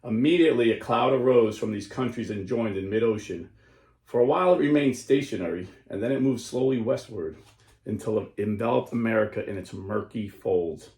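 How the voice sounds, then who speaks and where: A man's voice: on the low side, a little mellow. Man, commentary host, dramatic reading, plain explaining, roomy echo. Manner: slows and stresses lines when reading aloud, then explains plainly. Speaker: host of a Catholic commentary channel.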